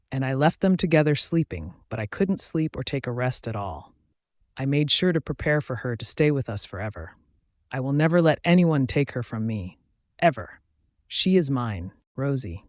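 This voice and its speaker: A man narrating a romance audiobook in the first person, in an earnest, hurried manner. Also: mid-range voice, sing-song, no echo, clean studio sound.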